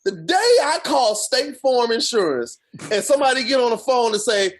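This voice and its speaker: A man's voice: very high-pitched, animated, normal speed. A man co-hosting a podcast, ranting in heated, profane casual chat. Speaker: podcast co-host.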